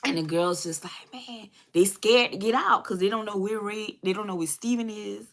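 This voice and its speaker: Speaking at a normal speed in a slightly bright mid-range voice, this woman in her thirties tells her viewers a story as she does her makeup. She talks right to them, says y'all, and doesn't hold back on profanity.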